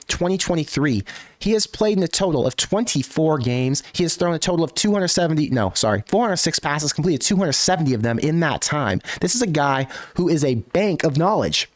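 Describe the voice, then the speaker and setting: A man's voice: medium pitch, no room sound. A young man from Nebraska rants through his sports show as host, stacking rhetorical questions and hammering his points. His voice sits in an ordinary middle range. The sound is close and dry, with no room around it. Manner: emphatic, rhetorical, swings between fast and drawn-out. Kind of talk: opinionated fan commentary.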